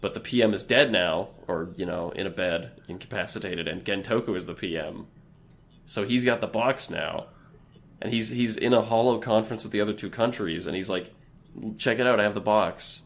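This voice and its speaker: A man's voice: fairly low pitch, fairly quick, creaky. A man co-hosting a podcast, loosely retelling episodes in a casual, profane way. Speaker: podcast co-host. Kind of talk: casual recap chat.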